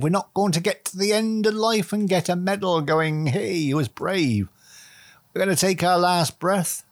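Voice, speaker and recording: A man with a fairly high pitch hosts a solo podcast, rambling and chatty, swearing casually and poking fun at himself. There's no room sound.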